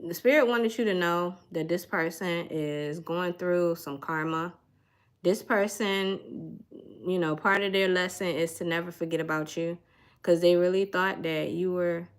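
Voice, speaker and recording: Chatty woman giving a tarot reading. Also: fairly low pitch. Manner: chatty, folksy, talks straight to viewers. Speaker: tarot reader. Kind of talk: casual tarot reading livestream.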